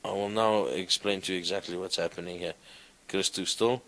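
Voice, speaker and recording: A man teaching a class, explaining grammar slowly and reciting verb forms in a sing-song way. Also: deep voice, steady tone, fairly bright tone. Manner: slow, deliberate, recites conjugations in a sing-song. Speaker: lecturer. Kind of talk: classroom lecture.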